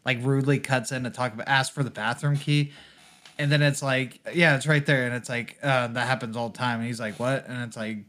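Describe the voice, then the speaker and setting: A man's voice: medium pitch, fairly bright tone. A man co-hosting a podcast, ranting profanely in casual chat and laughing often. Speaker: podcast co-host.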